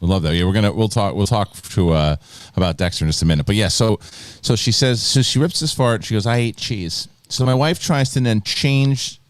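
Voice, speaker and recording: A man's voice: on the low side, fairly quick, no room sound. A man in his thirties hosting a live talk show, telling stories animatedly, laughing often and acting out his kids' voices. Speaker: host. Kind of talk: casual live show chat.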